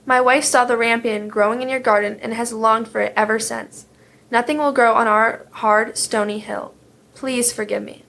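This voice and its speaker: A woman's voice: fairly high pitch, steady tone, moderate pace, gravelly, a bit bright. A woman voicing a frightened, poor male woodcutter who pleads fearfully.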